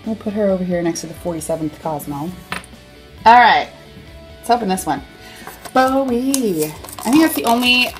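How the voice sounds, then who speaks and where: Playful chatty woman unboxing toys. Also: medium pitch. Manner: playful and chatty, with silly sound effects. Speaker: toy unboxing host. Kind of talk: casual unboxing chat.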